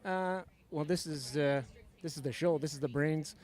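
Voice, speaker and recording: A man's voice: fairly high pitch, moderate pace, darkish tone. Modest male broadcast engineer. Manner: modest, laughs, many "uh"s. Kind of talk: interview answers.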